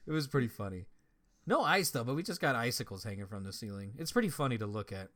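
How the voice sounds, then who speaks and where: A young man in casual chat, telling a story with lots of swearing and lively energy. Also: medium pitch, quick pace. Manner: profane, animated storytelling.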